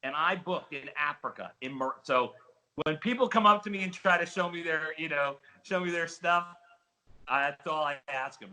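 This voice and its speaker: A middle-aged man with a New Jersey accent, an excitable storyteller giving an interview as a casino host trainer. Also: fairly high pitch, normal speed, poor audio. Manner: excitable storyteller, calls listener buddy. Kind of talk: animated interview talk.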